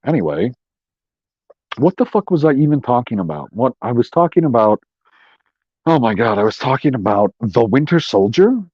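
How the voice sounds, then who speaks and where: A man's voice: mid-range voice, big pitch swings, normal speed, pauses often, slightly rough, no echo. A man hosting a live stream, ranting in a profane, sarcastic way and mimicking people he mocks. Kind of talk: profane casual rant. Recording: dull, dry lo-fi stream audio.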